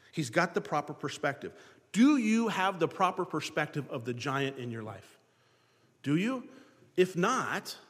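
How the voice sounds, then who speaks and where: A man preaching a sermon, lively, acting out the voices of biblical figures to his congregation. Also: on the high side, long reverb tail. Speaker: pastor.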